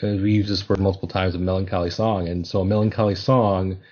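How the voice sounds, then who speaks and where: A man hosts a casual podcast chat in a slightly low, mellow voice with a breathy edge. He talks in a thoughtful, hesitant way, often restarting his sentences. The sound is a little dull and lo-fi. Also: level tone, fast. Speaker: podcast host.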